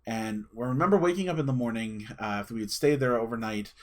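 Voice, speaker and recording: A man's voice: medium pitch, fast talker. A man in his thirties chatting and telling a personal story as a channel host, rambling with fillers and restarts. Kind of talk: casual storytelling to camera.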